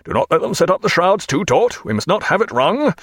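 A man's voice: high-pitched, very animated, a little fast, a bit bright, breathy edge, no echo, clean studio sound, pitched above the performer's own voice, full character voice. A man voicing a commanding naval captain who barks clipped orders to his crew. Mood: brisk orders.

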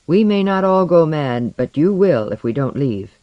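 Calm firm woman in charge, quiet steady voice, narrator doing her. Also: sits low, moderate pace, no echo, dull audio.

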